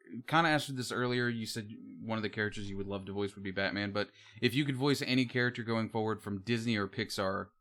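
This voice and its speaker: A man's voice: fairly low pitch, a bit bright. A man hosting a livestream interview in a casual, friendly way, with lots of ums and uhs. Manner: casual, friendly, filler-heavy. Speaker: host.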